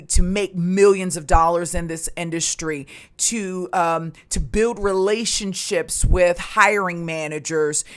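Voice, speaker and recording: A middle-aged recruitment and staffing coach from Maryland, USA, gives a motivational business tutorial in a mid-range voice. Her tone is upbeat, and she uses fillers and restarts.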